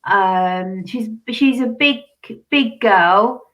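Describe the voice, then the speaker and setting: A woman's voice: mid-range voice, very slow, a bit bright, low-quality recording. A woman hosting a casual livestream chat over a video call, chatty and giggly, reading out viewer comments. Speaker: channel host.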